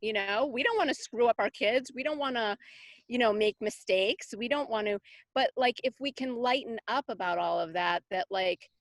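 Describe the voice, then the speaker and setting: A middle-aged woman talks about parenting in a loose, chatty way, circling back with fillers and restarts. Her voice sits a little high. The sound is close and dry, with no room around it. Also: moderate pace, no echo. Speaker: parenting coach, summit guest. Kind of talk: casual conversational interview.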